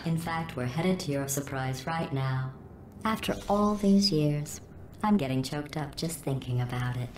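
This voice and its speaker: A cold, sarcastic female machine intelligence, her filtered, robotic voice sitting very low for a woman. She delivers dry, mocking lines in a flat deadpan. The game audio rings with a roomy echo. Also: a little slow, slight background noise. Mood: falsely sweet.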